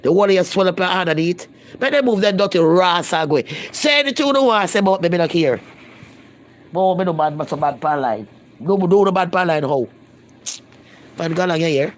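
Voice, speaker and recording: A woman's voice: lowish voice, expressive, a little fast. A Jamaican woman holds a casual live-stream chat with her viewers, speaking in thick patois. She talks bluntly and emphatically, repeating lines to press her point. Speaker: vlogger.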